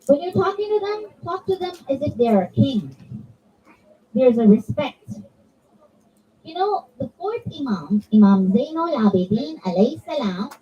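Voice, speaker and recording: A woman's voice: sits high, unhurried, recorded from a distance, dull audio. A woman giving an interactive religious talk to children, acting out her examples. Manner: animated, acts out examples in voices. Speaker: children's religious class speaker. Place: religious center hall.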